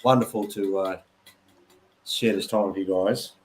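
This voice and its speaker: A man co-hosting a casual live stream, quickly explaining that he has to leave. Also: sits low, steady tone. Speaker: co-host. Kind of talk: casual chat.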